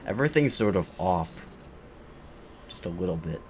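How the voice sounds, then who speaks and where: Male streamer, very deep voice, rambling offhand commentary while he plays. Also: lively intonation, moderate pace. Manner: rambling, offhand, thinks aloud with frequent fillers. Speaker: game streamer. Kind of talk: casual live-stream game commentary.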